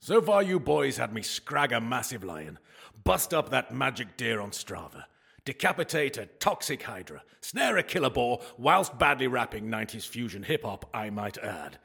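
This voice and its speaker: A man's voice: mid-range voice, big pitch swings, normal speed, gravelly, a bit bright, breathy edge, full character voice. A man voicing a weary Greek hero with a wry, grumbling manner in a comedy audio sketch.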